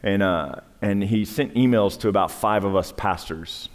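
A male pastor preaching a sermon, his voice climbing in emphatic peaks and dropping to a hush when he tells stories. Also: fairly low pitch, moderate pace. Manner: preaching with rising emphatic peaks and hushed storytelling. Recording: long reverb of a large hall.

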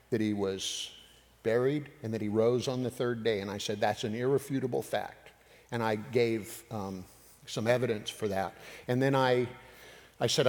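Animated preacher man in a reverberant hall. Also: mid-range voice. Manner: animated storytelling, acting out dialogue. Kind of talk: sermon storytelling.

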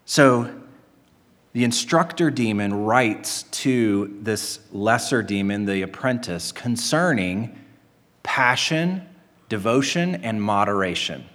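A man's voice: lowish voice, expressive, slow pace, fairly bright tone. A man preaching a sermon in an earnest, emphatic way, asking rhetorical questions and answering them. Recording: long hall reverb.

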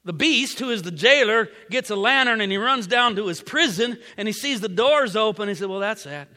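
A man's voice: high-pitched, lively intonation, brisk, pushed and bright, big-room sound. A man preaching a sermon. He tells a story dramatically, repeating phrases and dropping to whispers.

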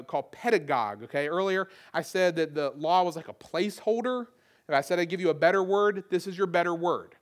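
A middle-aged man with a Southern American accent, preaching a conversational sermon and often repeating words as he restarts a phrase. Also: on the high side. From Southern United States. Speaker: pastor.

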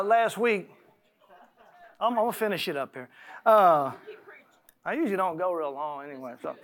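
Man, preacher, high voice, sermon, slow emphatic scripture reading, conversational asides. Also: fairly bright tone.

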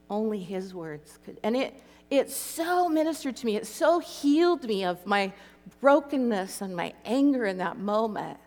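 A middle-aged woman giving a personal testimony talk, telling her story conversationally and acting out her inner speech. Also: mid-range voice. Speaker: Christian speaker. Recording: long hall reverb.

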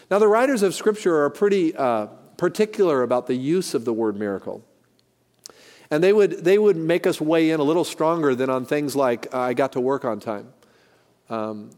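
A man's voice: fairly high pitch, darkish tone, in a large hall. A male pastor preaching a sermon, telling jokes and stories in a folksy way with many restarts. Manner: folksy, joking storytelling with frequent restarts.

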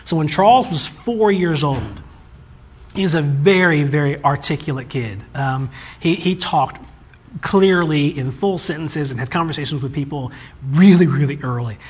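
A husky, fairly high-voiced man in his forties tells a story about his children, lively and animated. He slips into his kids' voices when quoting them. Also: normal speed. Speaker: father telling a family story. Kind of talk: casual storytelling.

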